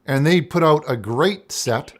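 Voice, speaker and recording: A man's voice: on the high side, lively intonation, unhurried. A man hosting a comic call-in show, talking in a rambling, hesitant way with many restarts. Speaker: host.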